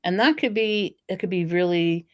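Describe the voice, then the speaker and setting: A woman's voice: on the low side, moderate pace, dry recording, studio quality. A middle-aged woman, a dog trainer and author, telling stories in a casual conversation and acting out the voices of the people in them. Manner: animated storyteller who acts out quoted voices.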